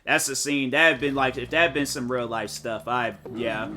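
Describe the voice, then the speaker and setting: A man, a game streamer telling stories in casual chat and jumping into high mock voices. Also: normal speed. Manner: animated storytelling, jumps into high-pitched mock voices. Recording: music playing behind.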